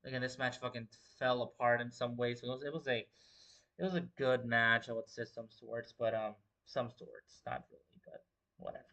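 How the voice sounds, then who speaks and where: A man's voice: mid-range voice, flat delivery, normal speed, bright, forceful tone, highs cut off. Profane rambling young man host. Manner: profane, rambling, repeats filler words. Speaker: wrestling show host. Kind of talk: casual livestream commentary.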